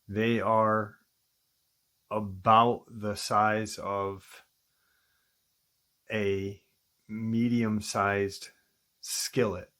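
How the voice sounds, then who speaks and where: A man hosting a channel, casually retelling a listener's encounter in a halting way, with frequent ums and restarts. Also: lowish voice, fairly bright tone. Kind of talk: casual spoken storytelling.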